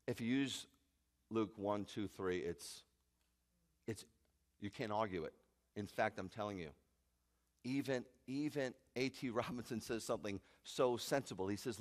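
A man's voice: mid-range voice, moderate pace. A man, a rabbi, preaching a sermon in an emphatic, joking way, recorded in a sanctuary with long reverb. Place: congregation sanctuary.

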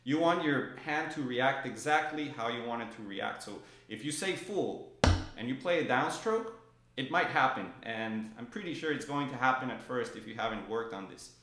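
A man's voice: medium pitch, animated, normal speed, bright, forceful tone, a little hiss or hum. A man teaching drum technique in an echoey room, his voice ringing off the walls. He explains each motion patiently and calls out stroke names in time as he plays. Drums sound behind him. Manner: calls out stroke names rhythmically while playing. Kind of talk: instructional demonstration. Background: drum playing.

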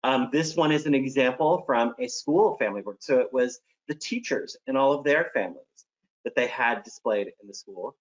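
Here is a man presenting a teacher training session, friendly and practical, with a voice of middle pitch. He acts out examples to make his points. The audio is dull and lo-fi. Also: normal speed.

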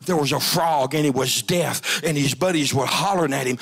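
Man, raised pitch, preaching sermon in church, shouts and swoops up high. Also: normal speed, vocal fry. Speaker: pastor. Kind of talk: revival sermon. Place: church sanctuary.

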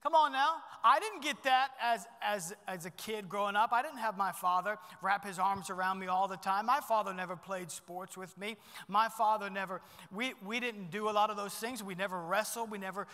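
Man preaching, high voice, animated with loud and hushed swings, long church reverb. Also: moderate pace, hardly any pauses. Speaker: pastor. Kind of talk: sermon.

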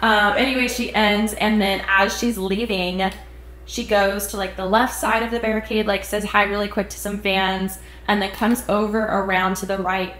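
A young woman co-hosting a casual podcast, her voice at an ordinary middle pitch. She tells a story in a chatty, animated way, full of "like" and quoted voices. The room sounds roomy, with a faint hiss underneath. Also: normal speed. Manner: animated storytelling, acts out quotes, many fillers. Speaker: podcast co-host. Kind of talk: casual chat.

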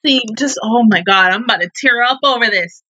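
A young woman with a bright, high-leaning voice reacts to an anime on a close mic. She talks straight to the screen in a casual, emotional way, full of exclamations. The room sounds dry and close. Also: a little fast, dry recording, lo-fi sound.

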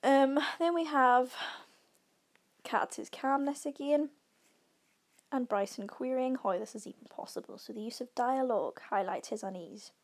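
A woman's voice: sits high, expressive, measured pace. A woman teacher talking through exam answers, explaining patiently, with frequent ums and short readings from the text. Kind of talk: exam revision walkthrough.

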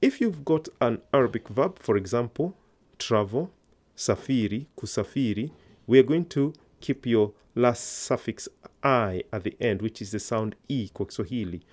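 A man's voice: mid-range voice, expressive, normal speed, a little mellow. A man teaching a Swahili lesson online, explaining grammar step by step and encouraging learners to repeat after him.

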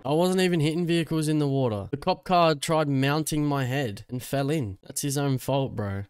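Young male gamer, mocking and quick to argue, smooth clear tone. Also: a little high, no room sound. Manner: cheeky, mocking, argumentative. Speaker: gaming YouTuber. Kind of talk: gameplay commentary and voice chat.

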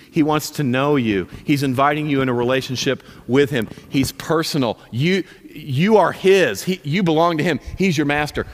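Emphatic male pastor preaching in a hall. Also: mid-range voice. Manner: emphatic, repeats commands, direct and punchy. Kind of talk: sermon. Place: church sanctuary.

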